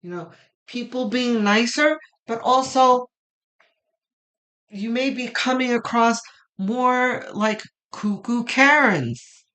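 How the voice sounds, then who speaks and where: A woman's voice: on the high side, takes it slowly, a bit bright. A middle-aged woman giving a casual, meandering tarot reading, chatty and full of fillers. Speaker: tarot reader.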